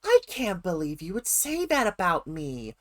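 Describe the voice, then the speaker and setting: A woman's voice: on the low side, wildly swooping pitch, a little slow. A woman doing an impression of a whiny, indignant dance mom who acts wounded and sorry for herself. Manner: wounded, indignant, self-pitying.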